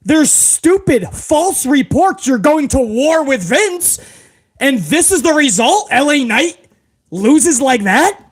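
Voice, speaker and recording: High-pitched guy host ranting and cussing on a live stream, shouts a lot. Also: big pitch swings, slow. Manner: ranting, swearing, often shouting. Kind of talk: profane live-stream rant.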